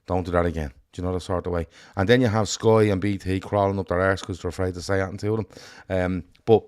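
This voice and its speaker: A man's voice: deep voice, flat delivery, fast talker, darkish tone, clean tone. Blunt, sweary Irish man ranting. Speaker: podcast co-host. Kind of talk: casual football chat.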